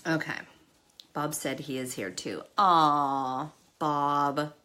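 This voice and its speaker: In a casual live makeup stream, a woman host chats with her viewers by name, getting emotional and sometimes tearful. Her voice is low and steady, slow in pace, with a pushed, bright quality.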